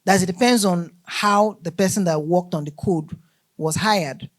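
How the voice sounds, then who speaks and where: A woman's voice: on the low side, measured pace. Emphatic woman lecturing a group. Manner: emphatic, often checks the audience follows. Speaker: lawyer teaching a workshop.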